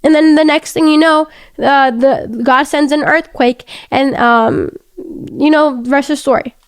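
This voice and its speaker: A woman's voice: high voice, measured pace, no room sound, studio quality. A young woman hosting a faith podcast, retelling a Bible story in casual, earnest talk with many fillers and restarts.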